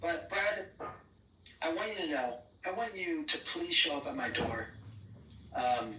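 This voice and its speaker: Young man with a squeaky nasal voice. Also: sing-song, bright, forceful tone, slight background noise. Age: young adult. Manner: halting, stammering, with nervous repeats. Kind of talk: heated online voice-chat argument. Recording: roomy, distant sound.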